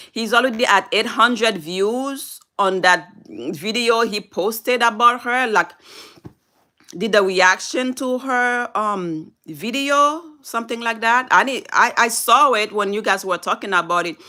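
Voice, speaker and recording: A woman's voice: mid-range voice, pushed and bright. A woman on a live stream, upset and teary, pleading with and scolding her viewers while reading the chat.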